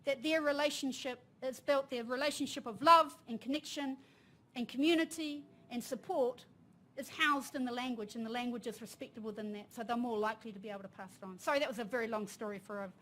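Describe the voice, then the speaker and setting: Woman, New Zealand accent, conference talk, lively storytelling, high-pitched. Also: brisk. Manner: animated, laughing, mixes in Māori phrases. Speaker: panel speaker. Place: conference room.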